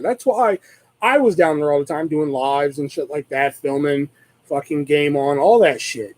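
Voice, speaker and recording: A man hosting his own live stream talks in a loose, rambling way. He swears nearly every sentence, and his voice sits a little high for a man. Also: expressive, unhurried, darkish tone, no echo, rough recording. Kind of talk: casual live stream chat.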